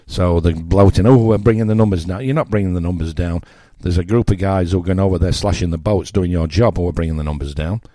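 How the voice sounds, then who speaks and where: A low-voiced older Englishman with a Yorkshire accent hosts his radio slot, blunt and mocking as he talks straight to listeners. His tone is dark and mellow, and the recording is close and dry with no room sound. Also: quick pace, hardly any pauses, no room sound. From England. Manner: blunt, mocking, conversational with asides. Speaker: radio presenter. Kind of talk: opinionated radio monologue.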